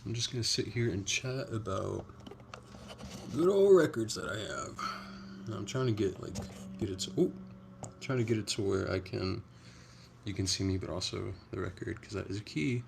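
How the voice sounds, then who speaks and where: A young man hosting a casual livestream, chatting in a soft-spoken, rambling way. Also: on the low side, animated, moderate pace, gravelly, long pauses, a little hiss or hum. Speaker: livestream host.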